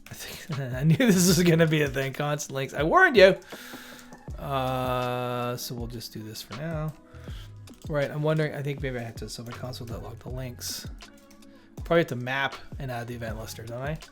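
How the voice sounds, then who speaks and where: A man's voice: mid-range voice, moderate pace, a bit bright, faint music behind. A man hosting a live coding stream, thinking aloud as he works, muttering to himself and tossing off jokey asides.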